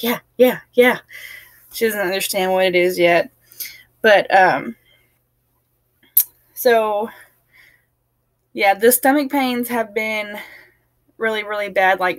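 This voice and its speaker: A woman's voice: mid-range voice, a bit bright, no room sound. A young woman chatting to camera in a rambling, casual way, laughing now and then and sounding tired. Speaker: family vlogger.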